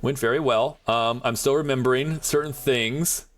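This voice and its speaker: A man's voice: medium pitch, steady tone, moderate pace, fairly bright tone. A man streaming a game, chatting casually and answering his chat, rambling with lots of "like" and frequent laughs. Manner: rambling, heavy on "like", laughs often.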